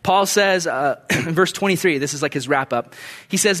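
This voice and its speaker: A young man delivers a sermon in a relaxed, conversational way, telling stories with sudden shouted bursts. His voice sits high for a man. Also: moderate pace. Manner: animated storyteller, shouting bursts. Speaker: pastor.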